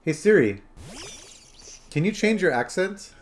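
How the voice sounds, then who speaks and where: Chatty streamer man, lively intonation. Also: high-pitched, unhurried, faint music behind. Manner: rambling, chatty, talking to chat and his phone. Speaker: game streamer. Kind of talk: casual live-stream chat.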